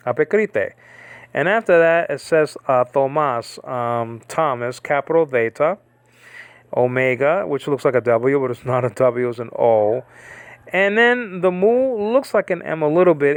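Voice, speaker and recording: Guy teaching greek, rambly and digressive, smooth voice, dry close sound. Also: medium pitch, no room sound. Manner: rambling, digressive, many restarts. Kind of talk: casual online Greek lesson.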